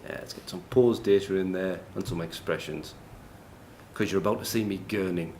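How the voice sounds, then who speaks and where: A man with a low, slightly mellow voice speaks at a normal pace while running a casual live tech demo at a conference. The room is noisy and echoey, and he cracks jokes, laughs often and uses plenty of ums.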